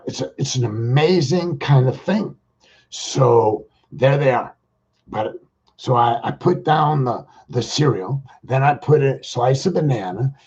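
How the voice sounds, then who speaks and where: A man's voice: medium pitch, a little mellow, slightly rough. A middle-aged man telling a rambling, jokey everyday story in casual slang. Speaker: vlogger. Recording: dull lo-fi recording.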